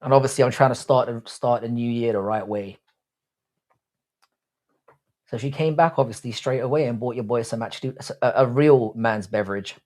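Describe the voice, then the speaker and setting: A young British man hosts a live stream, reading viewer comments aloud and firing back with crude, cocky banter while calling himself "your boy." His voice is medium-pitched and somewhat dark, at a normal speed.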